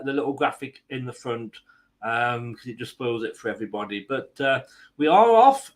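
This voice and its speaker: A man hosting a football watchalong stream, mixing live match commentary with rambling, self-mocking jokes. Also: fairly high pitch.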